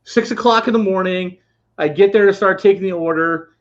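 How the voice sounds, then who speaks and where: High-voiced man telling road stories. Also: brisk. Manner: animated anecdote teller, acts out quoted voices. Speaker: podcast co-host. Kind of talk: casual storytelling. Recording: dull lo-fi stream audio.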